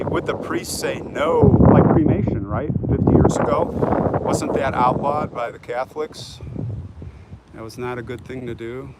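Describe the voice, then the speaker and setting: A man's voice: medium pitch, fairly even intonation, unhurried. Guy rambling on a live stream while walking around outside, phone mic, lots of wind noise in the background. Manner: talkative, reads viewer comments aloud and answers them. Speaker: vlogger hosting a live stream. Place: outdoors in a sunny cemetery. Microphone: phone held while walking.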